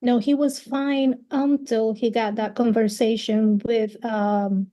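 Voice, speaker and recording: High, mellow woman, blunt opinions. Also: flat delivery, slow. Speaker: guest co-host. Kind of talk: casual fan podcast chat.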